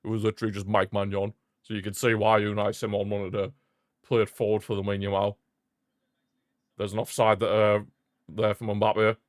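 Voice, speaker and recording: A man's voice: lowish voice, moderate pace, long pauses, dry recording. Guy doing a football watchalong stream, chatty, repeats stuff, gets hyped, dry close sound. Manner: chatty, repeats phrases, excitable bursts. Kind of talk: casual live match commentary.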